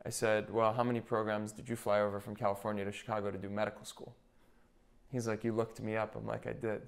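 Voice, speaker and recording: This fast-talking young man has a lowish voice touched with vocal fry. He's a nurse anesthetist on a podcast, animatedly recounting stories and voicing what others told him in casual conversation.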